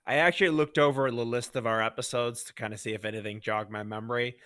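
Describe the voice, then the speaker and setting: A man's voice: medium pitch, fairly even intonation, quick pace, fairly bright tone, clear, resonant tone, no echo. A man co-hosting a casual gaming podcast, talking in an easygoing, good-natured, reflective way. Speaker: podcast co-host.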